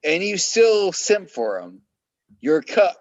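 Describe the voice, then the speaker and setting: A male podcast guest with a fairly high voice, talking bluntly and mockingly in profane casual chat. The sound is dry and a little dull, lacking the top end. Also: huge pitch swings, slow pace, creaky, no room sound.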